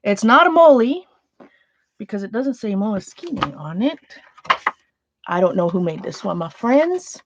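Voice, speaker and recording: A woman's voice: medium pitch, big pitch swings, a little slow, pauses often, noisy background. Chatty rambling woman, lo-fi sound. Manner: rambling, chatty, trailing off and restarting. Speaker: art journaling vlogger. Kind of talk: casual chat while sorting art supplies.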